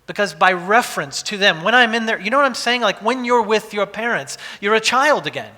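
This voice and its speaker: A man in his forties preaches in a relaxed, storytelling way, often restarting his sentences. His voice is bright and sits a little high for a man, and it carries a long reverb from a large hall. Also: a little fast. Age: 40s. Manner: conversational, anecdotal, with frequent restarts. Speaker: pastor. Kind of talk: sermon.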